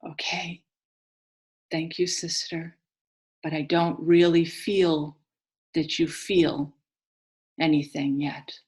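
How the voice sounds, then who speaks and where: A bitter goddess queen of the underworld mourns her husband, voiced by a woman narrator. Her voice sits low and moves slowly, sorrowful and weighed down. She speaks in a spoken storytelling. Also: level tone, a little mellow. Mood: cool, doubting.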